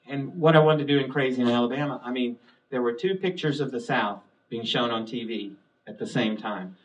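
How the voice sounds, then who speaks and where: A middle-aged man from the US South and Midwest tells anecdotes in a chatty, easy way, often breaking into laughter. His voice sits at an ordinary pitch. It is picked up by a distant mic at a live library talk. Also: a bit bright. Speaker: author on a panel. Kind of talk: storytelling conversation. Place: public library event room.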